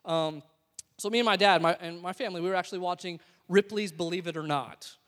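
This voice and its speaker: High-voiced young man preaching. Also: fast. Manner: storytelling, swings from hushed to excited. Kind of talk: sermon. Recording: long hall reverb.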